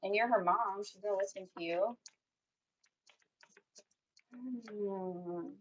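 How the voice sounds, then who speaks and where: Taking it slowly in a mid-range voice, a young woman reads tarot for her viewers, talking bluntly, swearing without restraint and leaning on "like" as filler. The audio is dull.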